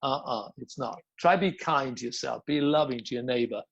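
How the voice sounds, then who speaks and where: Older man, gravelly, blunt, swearing, repetitive storytelling. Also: mid-range voice, normal speed, muffled recording. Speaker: yoga teacher and guest. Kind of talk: casual interview chat.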